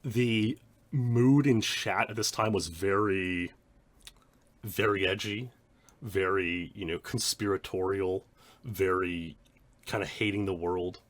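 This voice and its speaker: A man's voice: low-pitched, steady tone, slow pace, no room sound. A man, a speedrunner, giving rambling, reflective commentary on his own old streams. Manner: rambling, many restarts and "like" fillers.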